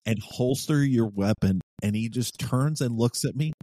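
A man, a former police officer, co-hosting a podcast and telling a profane, animated story that acts out his own past lines. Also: medium pitch, moderate pace. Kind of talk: casual storytelling chat.

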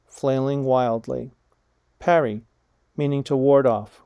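A man slowly reading vocabulary words and example sentences aloud, deliberate and measured, spelling out punctuation like commas and hyphens. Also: medium pitch, fairly even intonation, creaky, warm tone, clean tone, no echo, clean studio sound. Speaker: vocabulary reader. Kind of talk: slow dictation of vocabulary words and phrases.

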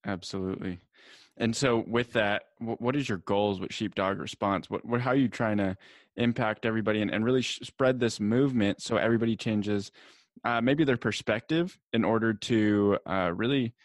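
A man's voice: fairly low pitch, moderate pace, no room sound, clean studio sound. A man hosting an interview, asking hesitant, rambling questions. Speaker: interview host. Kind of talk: casual interview talk.

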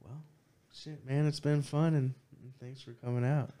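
A man hosts a relaxed podcast conversation in an ordinary voice of middle pitch. He talks in a laid-back, halting way with offhand swearing. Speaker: podcast host. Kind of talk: casual podcast chat.

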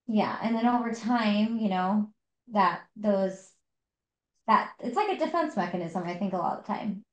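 A woman's voice: mid-range voice, expressive, moderate pace. Woman podcast co-host, casual and rambling, roomy echo. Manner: chatty, many fillers and restarts. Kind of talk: casual book discussion. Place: home.

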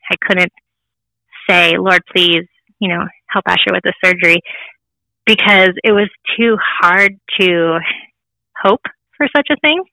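A woman's voice: fairly low pitch, a little slow, vocal fry, pauses often, pushed and bright, dry recording, poor audio. A woman in her thirties, a guest sharing a candid personal story, laughing often and acting out voices in her quotes. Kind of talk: personal testimony interview.

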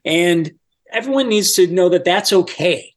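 A man, a voice-over coach, explaining his methods step by step in a relaxed podcast interview. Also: high voice, moderate pace.

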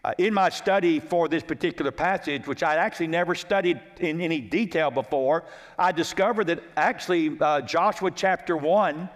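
A man delivers an expository sermon from the pulpit, his voice sitting rather high for a man. He moves methodically through chapter-and-verse references and restates his main lines for emphasis. The sound carries a long reverberant tail from a church sanctuary. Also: moderate pace. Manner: repeats key lines for emphasis. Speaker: pastor.

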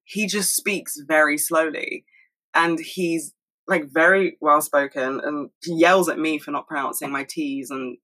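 Woman, fast-talking, bright tone, candid, swears freely, casual solo monologue at home. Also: sits low, fairly even intonation, low-quality recording. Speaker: solo video host.

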